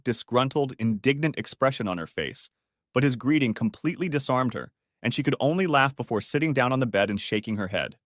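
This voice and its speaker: A man's voice: lowish voice, expressive, a little fast, a bit bright, no room sound, clean studio sound. A man narrating a scripted story, reading steadily and voicing every character himself.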